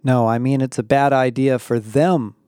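A man's voice: medium pitch, fairly even intonation, normal speed, dark tone, smooth, no echo, studio quality, lightly acted. A man voicing a haughty, impatient male alien in an audiobook, sarcastic and superior. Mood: condescending. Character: arrogant condescending male alien.

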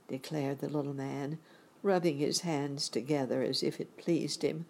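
Low, husky woman narrating a storybook. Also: steady tone, unhurried, darkish tone. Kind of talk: audiobook narration.

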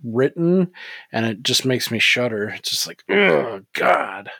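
A man's voice: mid-range voice, expressive, moderate pace, pushed and bright, dry recording. A man co-hosting a podcast in easygoing banter, his voice sitting in the middle range and recorded close and dry with no room sound. He swears freely and breaks into laughter often. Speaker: podcast co-host. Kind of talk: casual chat.

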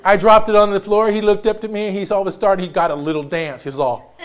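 A man's voice: high-pitched, fairly even intonation, fast talker, noisy background. A man preaching a sermon as pastor in a church, joking and storytelling with frequent laughter. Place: church sanctuary.

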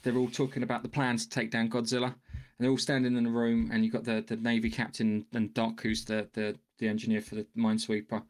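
A man co-hosting a casual podcast, talking excitedly with frequent restarts and swearing. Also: mid-range voice, quick pace. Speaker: podcast co-host.

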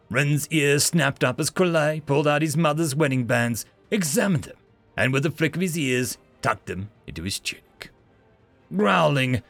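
A man's voice: on the high side, gravelly, no echo. A man narrating an audiobook expressively, giving each character a voice.

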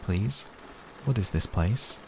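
An earnest little girl from a storybook, as a man puts her on, polite and pleading, her voice still low and gravelly beneath the lift. She speaks slowly and sincerely. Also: animated, mellow, a little hiss or hum, full character voice. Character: earnest, curious young girl.

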